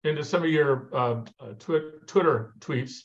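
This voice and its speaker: A man's voice: a little high, unhurried, highs cut off. A man co-hosting a finance show, casual and joking, sometimes laughing as he talks, heard over a video call. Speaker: co-host. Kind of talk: casual chat.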